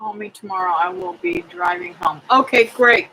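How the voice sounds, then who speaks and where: A middle-aged woman hosting a casual livestream, praying aloud and chatting with viewers in a slow, homely way. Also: medium pitch, bright, forceful tone, a little hiss or hum, rough recording. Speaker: homestead livestream host. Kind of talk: casual livestream chat reading comments.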